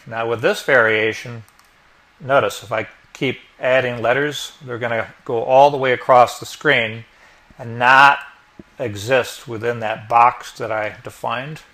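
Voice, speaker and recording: A man narrating a software tutorial step by step as the instructor, explaining each click as he goes. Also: medium pitch. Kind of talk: screen-recorded tutorial narration.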